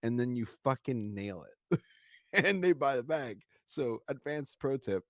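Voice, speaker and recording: A young man hosting a podcast over a video call, chatting casually and excitedly with a lot of swearing and filler. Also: medium pitch, unhurried, no echo, studio quality. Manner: excitable, swears freely, says "bro" and "like" a lot. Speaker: podcast host. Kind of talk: casual chat.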